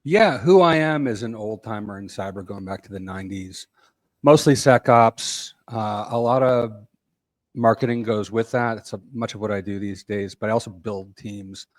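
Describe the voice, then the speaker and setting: A middle-aged man, a company head, talking as a podcast guest in a measured way that often trails off quietly. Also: lowish voice, dry recording, studio quality. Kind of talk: casual podcast interview.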